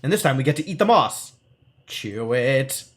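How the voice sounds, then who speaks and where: A man's voice: medium pitch, very animated, moderate pace. A man streaming live, reading a gamebook aloud with wry asides as he plays.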